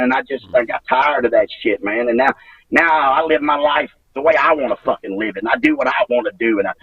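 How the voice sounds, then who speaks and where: A man in his forties, a former pro wrestler guest, talking emotionally and profanely, halting and restarting often. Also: mid-range voice, gravelly, slightly rough, dry recording. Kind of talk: emotional interview. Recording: dull lo-fi sound from a distance.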